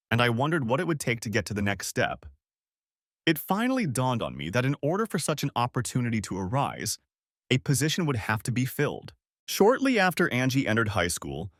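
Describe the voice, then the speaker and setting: A man's voice: mid-range voice, a bit bright, dry recording, clean studio sound. A man narrating a first-person story as an audiobook, telling it expressively.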